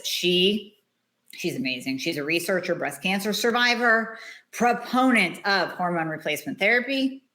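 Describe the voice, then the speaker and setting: A woman's voice: lowish voice, fairly bright tone. Blunt, emphatic woman podcast host. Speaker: podcast host, hormone doctor. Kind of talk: solo podcast monologue.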